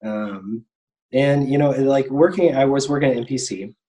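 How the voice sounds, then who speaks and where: Guesting on an interview podcast, this thirty-something animator rambles through casual stories full of ums and restarted sentences. He speaks at normal speed in a mid-range, dark-toned voice, captured on a low-quality recording.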